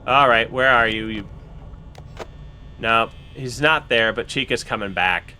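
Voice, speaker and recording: A man's voice: mid-range voice, unhurried, bright, forceful tone, a little hiss or hum. A man giving casual let's play commentary, rambling and correcting himself mid-sentence with chatty asides.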